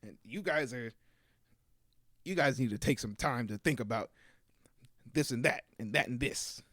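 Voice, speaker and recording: A man's voice: medium pitch, moderate pace, no room sound, studio quality. A young man co-hosting a podcast, telling a story casually and acting out the voices of the people in it. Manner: animated storyteller, acts out quotes in varied voices. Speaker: podcast co-host.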